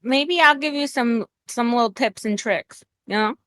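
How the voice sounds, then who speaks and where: A woman chatting playfully on a stream, excitable and teasing, firing off quick questions. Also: on the high side, no echo. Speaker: guest streamer.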